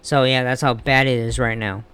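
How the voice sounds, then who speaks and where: A man's voice: mid-range voice, level tone, normal speed, fairly bright tone, clear, resonant tone. A man ranting bluntly and with heavy swearing in a casual wrestling commentary vlog. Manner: blunt, profane, heated ranting.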